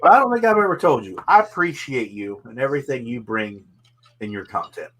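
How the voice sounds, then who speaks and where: A man's voice: mid-range voice, sing-song, fairly quick, fairly bright tone, a little hiss or hum, poor audio. A man hosting a casual podcast chat, talking in an earnest, rambling way and often repeating himself. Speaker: podcast host.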